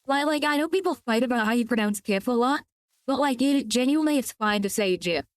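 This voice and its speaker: A woman's voice: a little high, lively intonation, fairly quick, clear, resonant tone, dry recording. Young cali girl streamer rambling while she plays, lots of "like" and restarts, dry close mic. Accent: Californian. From California. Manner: rambling, many restarts and repeated words, swears casually. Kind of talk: casual live-stream chat while gaming.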